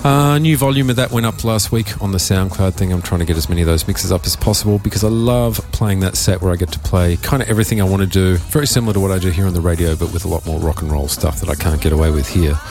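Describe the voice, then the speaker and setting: An Australian man hosting a radio show in a studio, chatting casually with a croaky voice and a rambling, offhand manner. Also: low voice, fast, hardly any pauses, darkish tone, soft background music. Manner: rambling, offhand, self-mocking. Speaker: radio DJ host.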